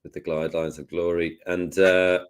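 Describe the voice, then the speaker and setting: Jokey low-voiced man teaching design. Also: level tone, normal speed, clean tone. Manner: jokey, self-deprecating banter. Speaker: host, design tutor. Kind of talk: casual live software lesson.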